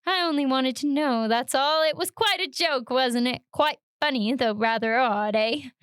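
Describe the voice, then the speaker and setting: Menace drips from this woman's reading of an oily, sinister barber: slow and wheedling, then suddenly shrill. Her tone is smooth and fairly bright, recorded close and dry without echo.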